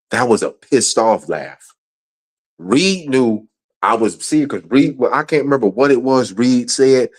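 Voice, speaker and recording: Pissed off guy going off on a stream, cussing, repeating himself over and over. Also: mid-range voice. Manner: angry, profane, repetitive. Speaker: guest. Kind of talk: heated livestream rant.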